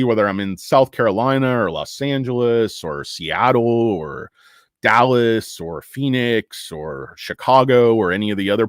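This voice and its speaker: A middle-aged American man talks in a loose, rambling monologue, his pitch leaping up and sinking low as he gets worked up. He swears freely and trips over fillers and restarts. The sound is close and dry, with no room around it. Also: no room sound. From United States. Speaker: stock market YouTuber.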